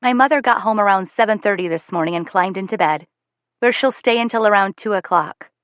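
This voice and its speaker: A woman's voice: mid-range voice, fairly quick, a bit bright, no echo. Woman narrating a first-person audiobook.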